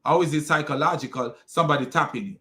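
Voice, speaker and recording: A man's voice: a little high, quick pace, bright, forceful tone. A man giving critical commentary on a played clip, argumentative, with many fillers and restarts. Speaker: religious commentator.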